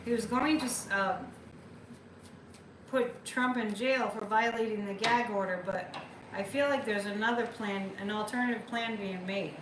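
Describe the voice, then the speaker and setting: A woman's voice: medium pitch, measured pace, background noise. Emphatic woman livestreaming in an echoey room. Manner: emphatic, repeats phrases for emphasis. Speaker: psychic livestream host. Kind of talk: casual livestream chat reading viewer comments.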